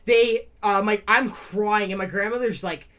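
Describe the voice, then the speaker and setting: A young man co-hosting a casual chat, telling stories with lively acted-out quotes. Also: a little slow. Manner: animated storyteller, acts out quotes in loud high yelps. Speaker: podcast co-host.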